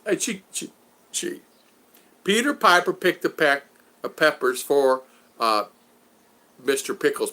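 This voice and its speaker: A man chatting casually on a livestream from outdoors, rambling and animated as he greets viewers by name. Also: mid-range voice. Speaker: vlogger reading live chat. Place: outdoors in the Philippines.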